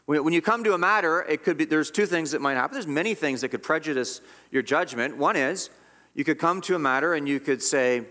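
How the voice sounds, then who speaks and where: A man's voice: on the high side, fast, sharp tone. Earnest man preaching a sermon. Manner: earnest, emphatic preaching with repetitions and restarts. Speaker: pastor.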